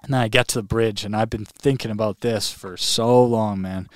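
A man, a podcast guest, telling a story in a casual, animated way, full of "like" and "man". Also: on the low side, normal speed, no room sound, studio quality. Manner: animated, heavy on fillers like "like" and "man". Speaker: guest recounting a long lake swim.

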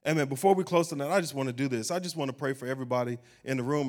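A man's voice: medium pitch, very fast, hardly any pauses, faint music behind. A man, a pastor preaching a sermon at a church service and closing in a rising, fervent prayer.

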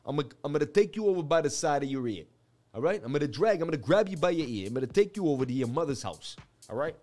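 A man voicing a gruff street-tough man who scolds a cheeky kid and keeps nagging with "huh?". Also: a little high, lively intonation, fast talker, darkish tone, faint music behind, natural voice. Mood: scolding.

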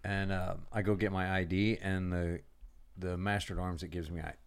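A man hosting a podcast, casually telling a profane, animated story about his navy days. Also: deep voice, normal speed, clear, resonant tone. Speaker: podcast host.

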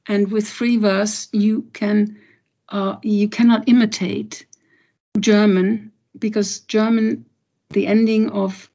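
A woman translator talks through her craft slowly, with lots of pauses and restarts. Her voice is gravelly, dark and husky. The recording sounds dull and lo-fi. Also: medium pitch. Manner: thoughtful, halting, many pauses and restarts. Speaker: poet and translator. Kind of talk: unhurried interview talk, reading a poem aloud.

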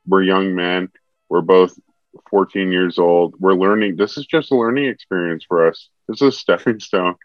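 Deadpan young man on a podcast. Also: low-pitched, moderate pace, dry recording. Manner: deadpan, dry jokes. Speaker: podcast co-host. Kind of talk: casual chat. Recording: dull, muffled dry sound.

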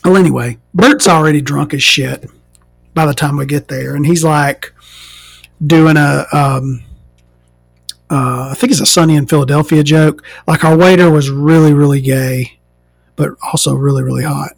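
A woman's voice: sits low, fairly even intonation, moderate pace, creaky, husky, dry recording. An American trans woman hosting a podcast, ranting casually and sarcastically with a lot of swearing. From United States, inland. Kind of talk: casual comedic rant monologue.

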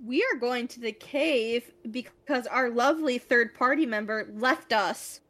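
High-voiced sarcastic woman player. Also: measured pace, a bit bright. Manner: sarcastic quips. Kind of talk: casual tabletop game chat.

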